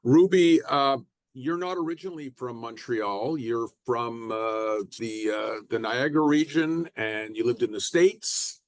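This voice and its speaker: A man's voice: medium pitch, unhurried. A man hosting an interview, asking friendly questions that sometimes stumble. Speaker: podcast host.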